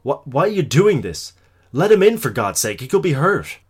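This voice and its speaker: A man voicing a panicked young woman who shouts and pleads in desperation. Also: mid-range voice, sing-song, normal speed, husky, voice pushed up. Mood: desperate. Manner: shouting, frantic.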